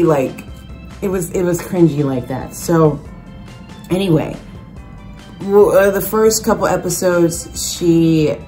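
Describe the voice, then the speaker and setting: A young woman vlogging in a casual, animated way, sarcastic and full of restarts. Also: low-pitched. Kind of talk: casual chat.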